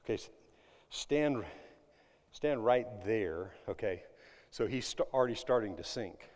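A man preaching a sermon to his congregation, swinging between loud emphatic lines and hushed ones and asking them questions. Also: fairly low pitch, lively intonation, unhurried. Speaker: pastor. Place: church sanctuary. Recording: long reverb of a large hall.

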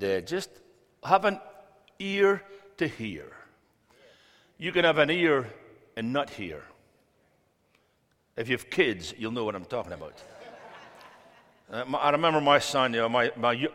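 A man in his fifties, a guest preacher giving a sermon in a church, joking and telling stories with big swings in loudness. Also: mid-range voice, sing-song, normal speed, long pauses. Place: church sanctuary. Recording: long reverb of a church hall.

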